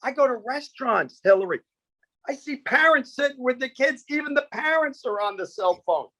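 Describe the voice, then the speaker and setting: A man's voice: very high voice, lively intonation, moderate pace, pushed and bright, dry recording. A man, a comedian guest, telling stories with punchy quoted bits and lots of animation.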